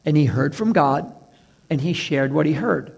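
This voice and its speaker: Gravelly-voiced male preacher. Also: a little high, expressive. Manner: preaching with emphatic slow stresses and acted-out quotes. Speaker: pastor. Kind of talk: sermon.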